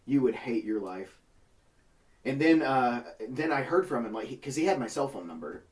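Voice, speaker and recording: Male storyteller, mid-pitched, cursing freely while acting out the scene, heard a bit off-mic. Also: moderate pace, far from the mic. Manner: profane, animated storytelling with quoted voices. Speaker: podcast guest telling a story. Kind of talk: casual chat. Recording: voice set back from the mic.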